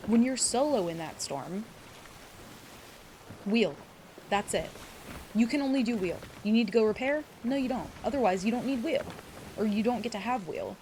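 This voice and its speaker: A woman's voice: a little high, animated, normal speed, long pauses, darkish tone, a little hiss or hum. A woman streamer chatting casually with her viewers, rambling and swearing freely, teary at moments. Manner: rambling, emotional, swears freely, greets chat by name. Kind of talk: casual live-stream chat.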